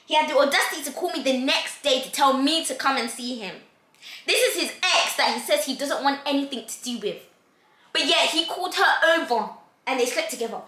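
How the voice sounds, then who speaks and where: In an echoey room, a young storytime vlogger tells an animated, dramatic tale and performs each person's voice. She speaks in a high, pushed, bright tone.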